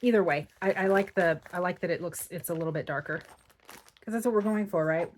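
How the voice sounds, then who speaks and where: Brief: woman craft host, lowish voice, relaxed chatty walkthrough at her table. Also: brisk, a little hiss or hum. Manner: chatty, thinks aloud while working. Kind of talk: casual craft tutorial.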